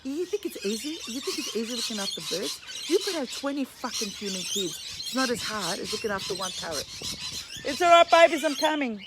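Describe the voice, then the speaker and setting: An Australian vlogger and empathy counsellor rants at home, fired up and swearing, in a high, animated, brisk voice with few pauses. Her pet birds chirp loudly behind her, making the recording very noisy.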